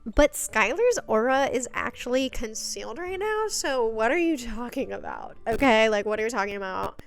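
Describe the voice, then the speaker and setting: A woman's voice: a little high, lively intonation, normal speed, gravelly. A young woman giving a casual, chatty recap of a web series, full of sassy, exasperated asides.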